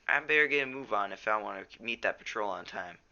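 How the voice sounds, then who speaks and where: A teenage boy voicing a young male apprentice cat, jumpy and excitable, in high, loud outbursts. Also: fast talker, gravelly, highs cut off, a little hiss or hum, heavily acted. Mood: eager.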